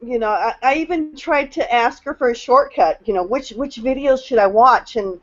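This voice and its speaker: A woman talks about her experience joining a team as a new member, in an informal video-call testimonial that is emotional, rambling, and full of fillers and false starts. Her voice is a little high, her pace moderate, and the audio dull.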